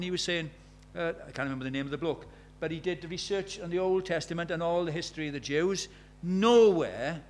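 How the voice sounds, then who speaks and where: Animated preacher, man. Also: high voice. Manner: animated, swings from loud exclamations to quiet intimate tones; conversational, uses quoted dialogue and filler words. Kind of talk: sermon.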